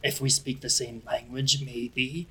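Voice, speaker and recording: A man voicing a sardonic little male black cat fire spirit, speaking low, quiet and put-upon. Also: little pitch movement, measured pace, slightly rough, exaggerated voice. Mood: dry.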